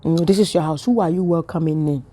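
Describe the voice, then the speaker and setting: A woman's voice: low-pitched, quick pace, dark tone. A woman giving a casual spiritual message to camera, playful at times and full of repeated rhetorical questions. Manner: playful, joking asides. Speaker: online preacher.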